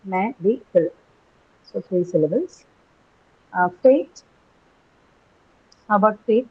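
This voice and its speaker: A woman's voice: medium pitch, expressive, breathy edge. Woman teaching over a tinny call line. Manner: patient, repeats words slowly, asks students questions. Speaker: English teacher. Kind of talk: online class lesson. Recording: tinny phone-like call audio.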